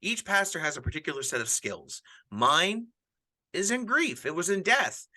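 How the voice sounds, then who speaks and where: Middle-aged pastor guy hosting a podcast, fairly high and really bright voice, earnest, keeps restarting sentences. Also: very animated, normal speed. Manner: earnest, rambling with frequent restarts. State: widowed, grieving. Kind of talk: casual podcast chat.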